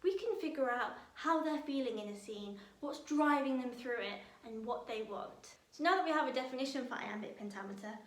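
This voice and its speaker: A woman's voice: high voice, lively intonation, a little fast, hardly any pauses. A young British woman leading a drama workshop, talking energetically and playfully to her young audience. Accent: British English. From Britain. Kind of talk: lively teaching to camera. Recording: echoey room.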